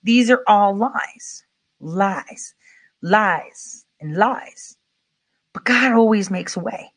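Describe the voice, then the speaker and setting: Middle-aged woman, podcast host, casual rambling monologue, animated delivery with big pitch swings, mid-range voice. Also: very slow. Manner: conversational, with fillers and mild swearing.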